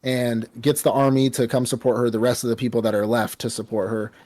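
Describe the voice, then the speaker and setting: A man's voice: mid-range voice, brisk. A man co-hosting a podcast, recapping a film in casual, rambling, profane chat. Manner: rambling, profane, animated storytelling. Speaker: podcast co-host.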